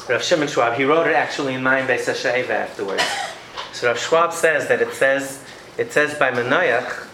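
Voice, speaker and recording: A man's voice: medium pitch, echoey room, background noise. A man giving a lecture on parenting to an audience, acting out scenes with his children and taking questions. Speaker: educator giving a parenting talk.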